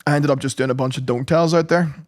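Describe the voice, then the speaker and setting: A man's voice: a little high, fairly even intonation, quick pace, no room sound, clean studio sound. Sweary man telling stories. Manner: sweary, storytelling, laughing often. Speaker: podcast co-host. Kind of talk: casual chat.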